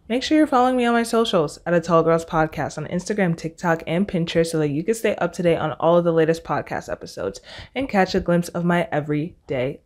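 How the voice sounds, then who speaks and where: A woman's voice: low voice, a little mellow. Chatty young woman podcast host. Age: young adult. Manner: chatty, sarcastic, addresses listeners directly. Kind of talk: casual solo podcast chat.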